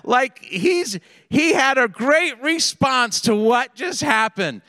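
A middle-aged man preaching a sermon, telling a personal story in an animated, conversational way. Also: extremely high pitch, takes it slowly, dry recording, long reverb tail. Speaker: pastor. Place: Seattle area.

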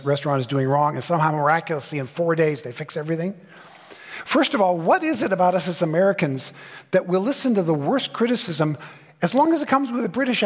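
A middle-aged man preaching a conference sermon with punchy, comic asides and mock voices. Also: on the high side. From Southern California. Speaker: pastor. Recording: long hall reverb.

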